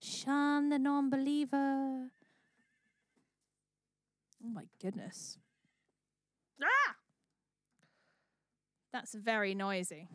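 A woman's voice: fairly high pitch, dry recording. A woman hosting a charity livestream, chatting bubbly and thanking viewers by name. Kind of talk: live-stream chat.

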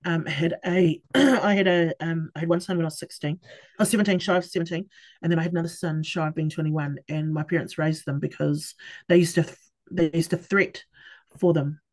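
A middle-aged woman, a podcast guest sharing her personal story candidly, with halting restarts and acted-out quoted conversations. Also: low-pitched, steady tone, darkish tone.

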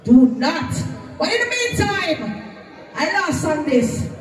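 A man's voice: extremely high pitch, very animated, slow pace, a bit bright. A man at a sound clash telling stories in patois banter. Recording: very echoey live venue from a distance. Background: music and crowd.

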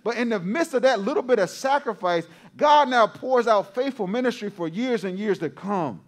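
A man's voice: sits high, animated, normal speed. A male pastor preaching a sermon to his congregation, repeating phrases for emphasis and calling out to the crowd.

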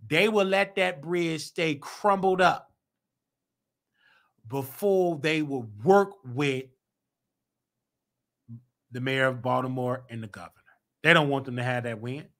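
Guy w/ hosting his own show, bright tense voice, gets loud and worked up. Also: fairly high pitch, slow, pauses often. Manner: animated, rising to emphatic outbursts. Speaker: show host. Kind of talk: solo commentary show.

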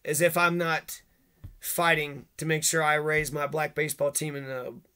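A man's voice: on the high side, little pitch movement, normal speed, bright, forceful tone, smooth. A man ranting angrily to camera, swearing constantly and accusing people one after another. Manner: agitated, profane, accusatory. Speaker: vlogger. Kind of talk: angry rant to camera.

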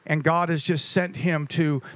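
A man pastor introducing a guest speaker to his church, telling a story with animated energy and praying over him. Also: on the high side, unhurried, no echo.

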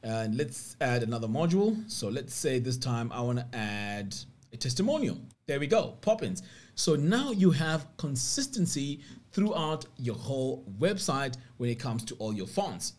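A man's voice: medium pitch, very animated, normal speed, darkish tone. A man narrating a screen-recorded web design tutorial step by step, upbeat about what the features do.

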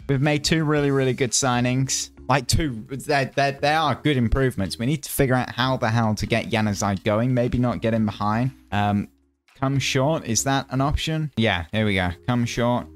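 Man from the UK, gameplay commentator, excitable, shouts at near misses, mid-pitched voice. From United Kingdom. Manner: chatty, muttering while planning. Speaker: gaming YouTuber.

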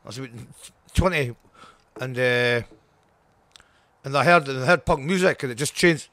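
Older scottish man, bright forceful voice, dry close sound, blunt and sweary. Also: mid-range voice, normal speed, no echo. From Scotland. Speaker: guest, punk singer. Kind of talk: interview.

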